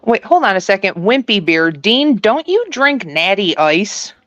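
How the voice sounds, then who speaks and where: A woman hosting a casual stream chat, teasing the others with quick questions. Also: mid-range voice, big pitch swings, fairly bright tone, dry recording. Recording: dull lo-fi mic.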